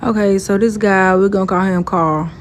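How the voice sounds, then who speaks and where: A woman kicks off a casual storytime, blunt and playful in her jokes. Her voice sits at an ordinary middle pitch. A faint hum of room ambience runs underneath. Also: steady tone, normal speed. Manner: blunt, joking.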